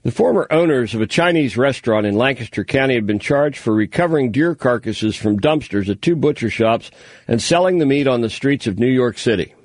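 Male call-in radio host, animated chatty storyteller, dry studio sound. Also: mid-range voice, no echo. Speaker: radio talk show host. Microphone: studio microphone.

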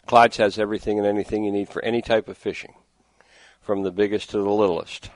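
Male radio host, middle-aged, low voice, dry studio sound, chatty rambler. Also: flat delivery, fast, no echo. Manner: rambling, exasperated storytelling. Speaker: radio fishing show host. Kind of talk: casual radio talk. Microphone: studio microphone with headphones.

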